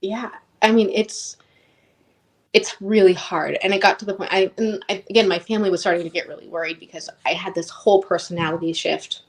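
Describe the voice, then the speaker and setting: A woman's voice: medium pitch, steady tone, brisk. A woman in her thirties telling her personal story as an interview guest, rambling and emotionally open with lots of "like".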